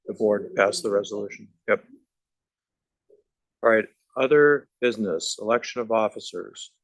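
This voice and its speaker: A man chairing a formal board meeting, running the votes in a relaxed, procedural way. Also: lowish voice, moderate pace, dry recording, poor audio.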